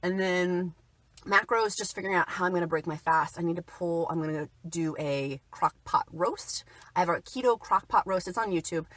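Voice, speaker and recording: A chatty, upbeat woman talks straight to her viewers in a loose, casual livestream manner. Her voice sits fairly low for a woman. The sound is dry and close, with almost no room echo. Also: normal speed, fairly bright tone. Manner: chatty, upbeat, reads viewer comments aloud. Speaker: keto vlogger.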